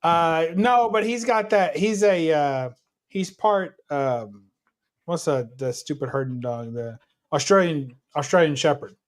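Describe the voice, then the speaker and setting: A man's voice: on the high side, unhurried. A man in casual group chat who jokes, teases and acts mock-incredulous. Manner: teasing, joking, mock-incredulous.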